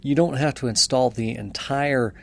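A man co-hosting a podcast, asking measured follow-up questions. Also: mid-range voice, vocal fry. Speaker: podcast co-host. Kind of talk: interview questions.

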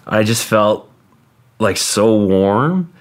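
Brief: man with a very low voice, casual guest storyteller, rambling and halting, swears freely. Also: animated.

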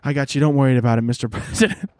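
A man's voice: mid-range voice, animated, racing, darkish tone, no room sound, clean studio sound, voice pushed down, close to an everyday voice. A man doing a flustered, eager female aide.

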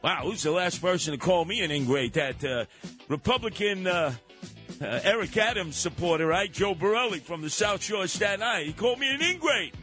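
An older man with a New York accent hosting a radio talk show, telling stories in an animated way and slipping into other voices. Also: high voice, brisk, soft background music.

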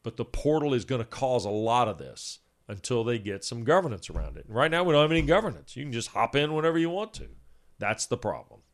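A man in his fifties co-hosting a sports talk show, laying out his points in a measured, orderly way. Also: medium pitch, sing-song. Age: 50s. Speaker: sports radio co-host.

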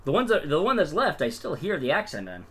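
A man in a casual podcast chat, chiming in with quick asides. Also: fairly high pitch, wildly swooping pitch, a bit bright, a little hiss or hum.

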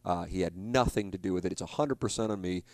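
A man in his forties hosts a podcast and talks straight to the listener in a rambling, self-deprecating way, often restarting his sentences. His voice sits fairly low, and the recording is dry and close. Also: fast talker, no echo. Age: 40s. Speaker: podcast host. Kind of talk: casual monologue.

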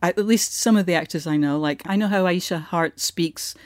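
A woman's voice: lowish voice, moderate pace, no echo. Curious woman interviewer, dry sound. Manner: curious, conversational, with fillers. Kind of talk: podcast interview.

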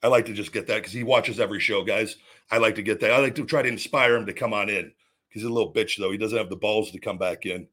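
A man's voice: fairly low pitch, fairly even intonation, fast talker, fairly bright tone. A man hosting his own podcast, delivering a heated, profane rant full of repeated restarts. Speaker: podcast host. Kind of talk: podcast monologue.

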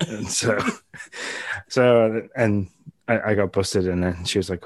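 A man's voice: fairly low pitch, steady tone, slow pace, long pauses, no echo. A man co-hosting a podcast in easygoing casual chat, rambling a little and chuckling often. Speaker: podcast co-host.

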